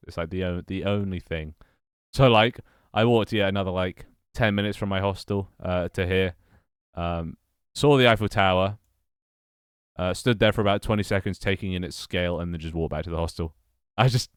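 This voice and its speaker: A man's voice: sits low, smooth, no echo, studio quality. A young man chatting casually on a livestream, rambling and repeating his phrases as he greets viewers. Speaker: streamer and game developer.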